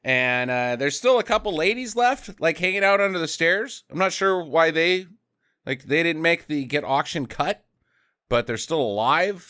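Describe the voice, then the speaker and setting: A man's voice: a little high, expressive, normal speed, bright, forceful tone, smooth. A man casually recapping a bad movie on a podcast, rambling with dry sarcastic asides.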